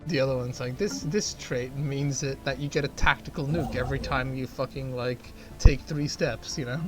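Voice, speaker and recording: A man's voice: mid-range voice, fairly even intonation, normal speed. Young guy gaming, sarcastic rambly and sweary, game music going behind. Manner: rambling, sarcastic, swears a lot, lots of fillers. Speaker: gamer. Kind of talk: casual gaming chat.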